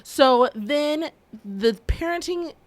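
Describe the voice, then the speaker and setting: A woman co-hosting a podcast, chatting casually and laughing easily. Her voice sits fairly high and swings up and down a lot. The sound is dry and close. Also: expressive, slow, dry recording. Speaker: podcast co-host. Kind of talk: casual chat.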